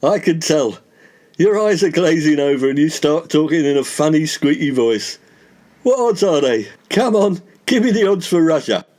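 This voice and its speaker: Bloke doing a pompous blustery guy, kinda high, voice all over the place. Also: animated, moderate pace, a little mellow, natural voice. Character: pompous, grumbling, self-important middle-aged English man.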